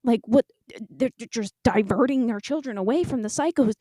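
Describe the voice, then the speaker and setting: A woman's voice: on the high side, moderate pace, mellow, no room sound. A woman in her twenties, a podcast co-host, tells a rambling story in a chatty, self-mocking way. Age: 20s.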